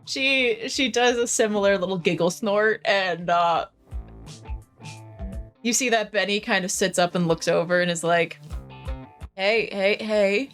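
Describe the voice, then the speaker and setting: A young woman narrating her character in a tabletop game, easygoing and quick to laugh. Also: mid-range voice, fairly bright tone, soft background music. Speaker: player. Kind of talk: casual tabletop role-play narration.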